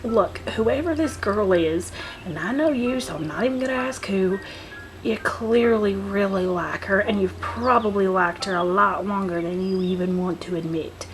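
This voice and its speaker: A woman voicing a gentle teenage girl who talks to ghosts in an amateur voice drama, coaxing and kind in manner. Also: mid-range voice, moderate pace, natural voice.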